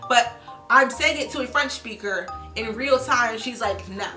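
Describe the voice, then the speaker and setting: A young adult woman from Ohio giving a casual, animated review of a language course, full of "like" fillers. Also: on the high side, a little slow. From Columbus, Ohio, USA. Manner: animated, filler-heavy with frequent "like". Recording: echoey room with music behind.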